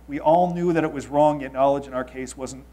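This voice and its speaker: Man, thirties, from Los Angeles, middle-pitched voice, confessional storytelling talk, loud emphasis and quiet asides. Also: steady tone, brisk. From Los Angeles, United States. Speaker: speaker.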